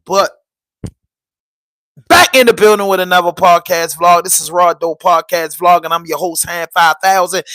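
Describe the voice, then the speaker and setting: A man's voice: high voice, fairly even intonation, normal speed, sharp tone, rough recording. A man hosting his own podcast vlog from home, chatting casually and rambling straight to his viewers. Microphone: portable camera.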